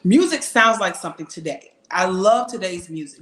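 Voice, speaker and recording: A woman's voice: mid-range voice, normal speed, reverberant. A young woman singer from Atlanta, chatting candidly and emphatically as a podcast guest. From Atlanta, Georgia. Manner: lively, emphatic and candid, with frequent laughs. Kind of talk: casual interview chat.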